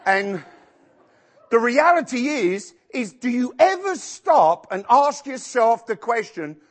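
Animated male pastor preaching. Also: very high voice, takes it slowly. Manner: animated, acts out quotes with shouts. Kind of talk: sermon. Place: church.

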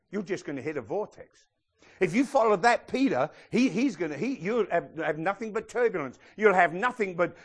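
A middle-aged male pastor preaches a lively sermon in a high voice, acting out the Bible figures whose stories he tells.

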